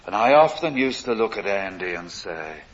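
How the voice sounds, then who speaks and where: An older man preaching a sermon, earnest and storytelling, swelling loud for emphasis and dropping low again. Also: sing-song, normal speed. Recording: dull lo-fi recording.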